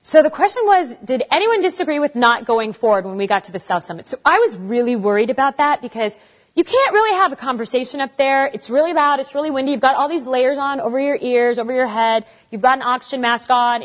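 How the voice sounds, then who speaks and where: A woman in her forties answering audience questions in a casual, animated way, acting out the voices of people she quotes. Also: high voice, brisk. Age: 40s. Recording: dull lo-fi recording.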